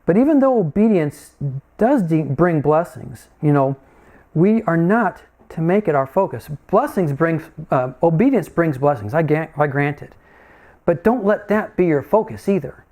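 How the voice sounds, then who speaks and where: A man's voice: a little high, big pitch swings, measured pace, dark tone. A man preaching a sermon in a conversational, folksy way, often asking his listeners questions.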